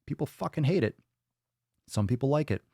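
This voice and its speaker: A man's voice: medium pitch, expressive, brisk, gravelly, warm tone, husky, no room sound, clean studio sound. Blunt, profane man hosting a livestream. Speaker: fitness podcast host. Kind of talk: live Q&A chat.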